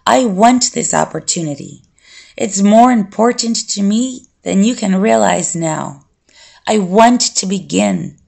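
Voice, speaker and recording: A calm, brooding male vampire, read by a woman, remembering his past in a measured, collected way. The voice has a gravelly fry and moves slowly through each line. It is an audiobook reading. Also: medium pitch, full character voice. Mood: reflective.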